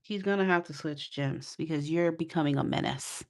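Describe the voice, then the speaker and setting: A woman's voice: low-pitched, moderate pace. A woman giving a casual live tarot reading, sassy and teasing, scolding her viewers and laughing often. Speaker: tarot reader.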